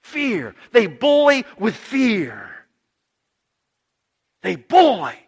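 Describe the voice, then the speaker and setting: A middle-aged pastor preaching a sermon, emphatic, dropping to a hush and then rising loud again. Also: male voice, very high-pitched, wildly swooping pitch, extremely slow, slightly rough. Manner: emphatic preaching, swinging between loud and hushed.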